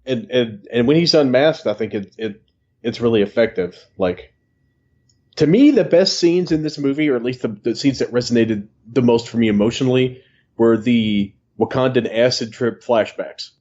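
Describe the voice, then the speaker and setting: A man with a voice of middling pitch, heard through a slightly dull, lo-fi mic. He co-hosts a film review podcast in casual chat, measured and thoughtful with some hesitations. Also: darkish tone. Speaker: podcast co-host.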